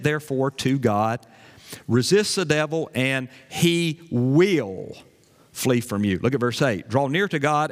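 A male pastor preaching a sermon, emphatic, repeating key phrases and asking his congregation questions. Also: on the high side. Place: church sanctuary. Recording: long hall reverb.

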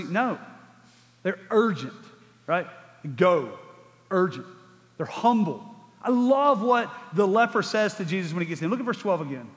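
A male pastor delivers a sermon in a casual, conversational manner, full of rhetorical questions and repeated words. His voice sits high for a man. It rings out with a long reverb, as if in a large church hall. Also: expressive, normal speed, fairly bright tone.

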